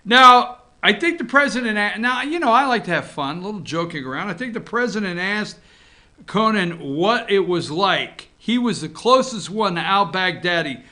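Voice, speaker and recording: A man's voice: sits high, lively intonation, normal speed, sharp tone. A man hosting a casual morning show from an office, joking around and talking to his crew. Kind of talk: casual talk-show commentary.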